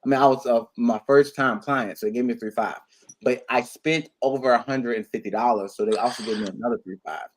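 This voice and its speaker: A tipsy man hosting a casual chat, telling loud crude stories and laughing a lot. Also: medium pitch, steady tone, brisk. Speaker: talk show host.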